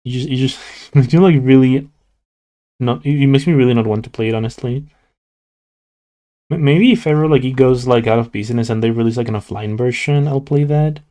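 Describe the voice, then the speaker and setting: Drowsy and yawning, a young man draws on stream and talks casually with viewers in the chat, rambling with lots of "like" and false starts. He has a mellow, medium-pitched voice and speaks a little fast.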